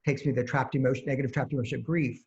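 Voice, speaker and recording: Gravelly man explaining his healing method. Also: mid-range voice, steady tone, rapid-fire, a little mellow. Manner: walks through his method step by step, acting out client exchanges. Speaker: holistic energy practitioner, guest. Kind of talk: explanatory interview talk. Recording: dull lo-fi sound.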